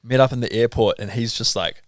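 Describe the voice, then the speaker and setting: A man with a New Zealand accent, a podcast guest, telling stories in a relaxed way full of "like" and "bro". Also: mid-range voice, fairly quick, no room sound, studio quality. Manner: laid-back, filler-heavy, lots of "like" and "bro". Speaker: podcast guest, pro skier. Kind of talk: casual podcast storytelling.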